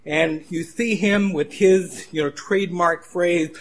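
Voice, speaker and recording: A man's voice: high-pitched, steady tone, a little slow. A man preaching a sermon in a conversational storytelling manner, with frequent restarts.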